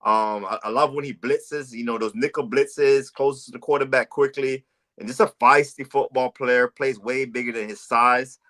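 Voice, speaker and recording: This podcast co-host chats about football scouting in a casual, lively way, frequently tripping over himself and starting again. He has a mid-range, slightly bright voice, keeps a steady tone, and speaks at a moderate pace.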